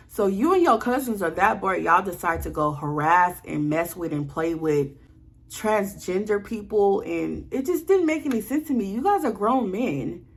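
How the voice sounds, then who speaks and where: A young woman tells a personal story to her followers in a casual, blunt vlog style. Her voice is very lively and swings up and down as she talks. She sits in the middle of the usual pitch range for a woman and talks straight to her viewers. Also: moderate pace, breathy edge. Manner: animated, blunt, addresses viewers directly. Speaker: vlogger.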